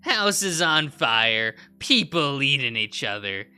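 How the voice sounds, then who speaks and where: A man voicing a manic, menacing male weasel with a gun who taunts and shouts. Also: mid-range voice, sing-song, slow, clean tone, voice pushed up, heavily acted.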